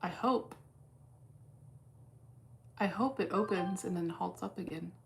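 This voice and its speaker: A woman hosting a casual livestream, reading chat aloud while day trading, blunt and deadpan with plenty of profanity. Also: on the low side, slow, vocal fry, a little hiss or hum.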